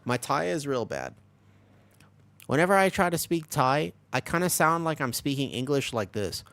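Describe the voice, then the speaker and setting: A man's voice: fairly high pitch, very animated, moderate pace, gravelly, fairly bright tone. A man in his twenties chatting casually on a live stream, rambling and restless, full of restarts and the odd swear word. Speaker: Twitch streamer.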